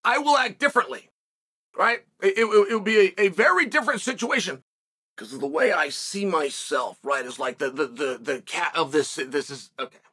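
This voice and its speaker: Telling a story at normal speed, this middle-aged host delivers a relaxed studio monologue with a bright voice edged in huskiness and lively pitch swings. He animatedly acts out the quotes, shouting them as he goes.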